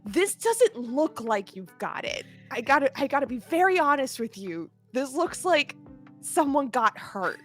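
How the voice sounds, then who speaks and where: A woman running a tabletop role-play as game master, her voice slightly high. She narrates casually and chattily, full of fillers. Faint music plays underneath. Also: sing-song, unhurried.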